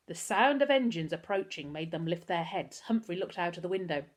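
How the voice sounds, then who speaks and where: A woman, a teacher, reading a children's book aloud with expressive storytelling. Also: on the low side, fairly quick.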